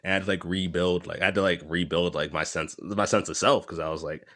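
A man's voice: low voice, fairly even intonation, fast, a bit bright. A man talking openly and casually, rambling a little, swearing and laughing often. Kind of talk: casual podcast chat.

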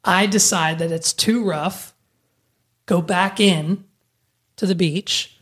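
A woman's voice: on the low side, slow pace, husky. Chatty woman telling a podcast story. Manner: chatty storyteller, swears freely. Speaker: podcast host. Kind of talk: casual podcast chat.

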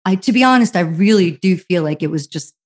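A middle-aged woman from New Jersey telling a long story as a guest, animated and full of fillers, acting out other people's quotes. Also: lowish voice, fairly quick, slightly rough. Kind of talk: casual anecdotal storytelling.

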